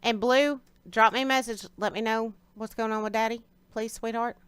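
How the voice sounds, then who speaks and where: A woman's voice: a little high, steady tone, normal speed, clean tone, no echo. A woman hosting a live stream in a casual, chatty way, greeting viewers by name and answering them directly. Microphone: streaming setup.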